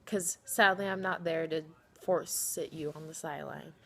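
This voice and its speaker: A woman vlogging casually to the camera, talking straight to her friends in an animated, dramatic way, pleading one moment and teasing the next. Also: sits low, normal speed, gravelly. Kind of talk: casual direct-to-camera vlog addressed to friends.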